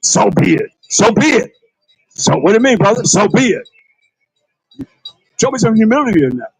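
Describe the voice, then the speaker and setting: A man's voice: high-pitched, big pitch swings, normal speed, husky, no echo, poor audio. A man preaching a livestreamed sermon in a casual, repetitive way, full of rhetorical questions and calling on a reader to read. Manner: colloquial, calls on a reader to read. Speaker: priest.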